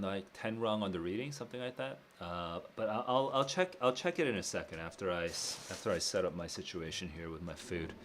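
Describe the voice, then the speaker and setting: Low-voiced man chatting casually on stream. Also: background noise. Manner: laid-back, rambling, with frequent fillers and laughs. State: low on energy. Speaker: streamer answering viewer questions. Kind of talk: casual live-stream chat.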